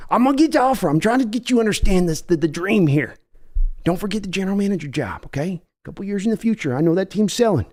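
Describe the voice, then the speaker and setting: A man's voice: sits high, lively intonation, quick pace, a little mellow. A man doing an impression of a brash, pushy older Texan football team owner, with a put-on Texan drawl in a comedy skit. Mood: pushy, folksy. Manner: folksy, wheedling, bossy drawl.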